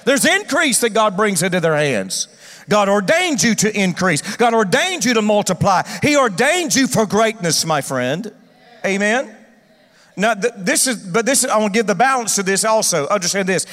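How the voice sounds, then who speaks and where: A man's voice: sits high, sing-song, moderate pace, fairly bright tone. A male pastor preaching an emphatic sermon, calling for responses from the congregation. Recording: long hall reverb.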